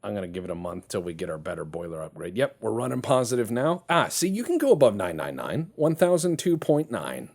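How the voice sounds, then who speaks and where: A man with a low voice gives casual gameplay commentary, joking around and laughing often. His pitch swings widely as he talks. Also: sing-song, a little fast, gravelly, hardly any pauses, a little mellow. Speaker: game streamer.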